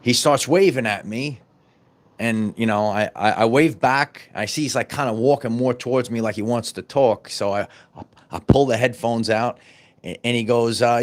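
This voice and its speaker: A man's voice: mid-range voice, moderate pace. A man vlogging about wellness, telling a story in a casual monologue with many restarts and repeated words.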